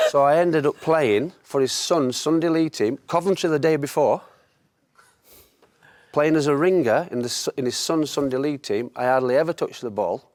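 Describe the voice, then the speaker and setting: A man, a former footballer telling anecdotes in lively chat, often laughing at his own stories. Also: on the high side, moderate pace, long pauses, no echo.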